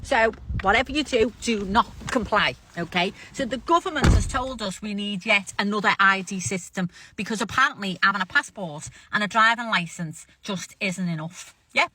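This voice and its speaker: A woman's voice: mid-range voice, moderate pace, few pauses, bright, forceful tone, a little hiss or hum, poor audio. A woman ranting on social media in a mocking, sarcastic tone.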